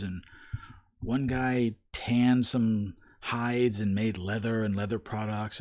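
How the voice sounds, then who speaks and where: A man's voice: on the low side, darkish tone. A man giving opinion commentary, telling a parable in a folksy, emphatic storytelling manner.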